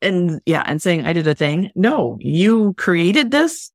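A woman's voice: lowish voice, sing-song, slow, dry recording, clean studio sound. A woman hosting a casual podcast interview, chatting and often trailing off mid-sentence. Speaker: podcast host, wedding music business owner.

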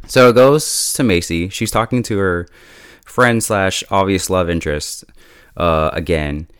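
A man casually recapping and reviewing a TV episode in a relaxed, chatty way, laughing often and filling his talk with "like". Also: deep voice, a little slow, smooth, no echo, studio quality. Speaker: TV show reviewer.

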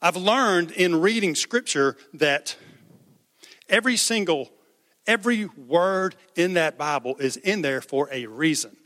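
A man's voice: on the high side, animated, measured pace, sharp tone, in a large hall. A man preaching a sermon as pastor, conversational, raising his voice for quoted cries.

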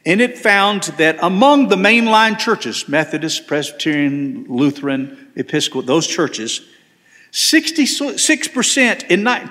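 A middle-aged male pastor preaches earnestly, his voice sitting a little high and climbing on emphatic points. The sound carries the long reverb of a large church sanctuary. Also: fairly bright tone. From Southern United States. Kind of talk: sermon.

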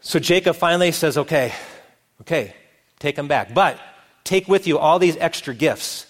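A man's voice: fairly high pitch, normal speed. A middle-aged man preaching a sermon, retelling a story and acting out its characters' voices. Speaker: pastor. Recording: long reverb of a hall.

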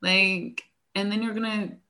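A young woman, a teacher, chatting casually and acting out her students and herself in animated stories. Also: mid-range voice, unhurried. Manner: animated storytelling, acts out student dialogue, frequent "like". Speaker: elementary school teacher. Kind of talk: casual chat.

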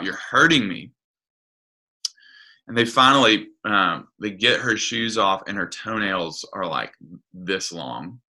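Bright-toned man preaching conversationally. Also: deep voice. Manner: earnest, retelling a story with hesitant restarts. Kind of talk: conversational sermon.

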